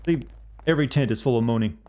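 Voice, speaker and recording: A man's voice: medium pitch, fast, darkish tone, a little hiss or hum. A man streaming a game live, who reads on-screen text aloud and makes casual joking asides to his viewers. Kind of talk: live-streamed gameplay commentary.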